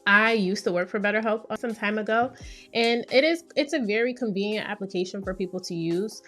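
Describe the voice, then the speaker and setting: Speaking at a medium pitch with a fairly bright tone, a therapist in her thirties hosts a podcast, giving casual advice in a chatty, conversational monologue. She briefly puts on voices for people she quotes, and faint music plays beneath her.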